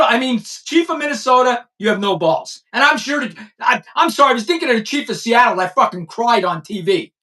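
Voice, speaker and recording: A man in his fifties, a former police chief, hosts blunt, profane news commentary, repeating lines for emphasis. His voice is extremely high, pushed and bright, and sits a bit distant from the mic.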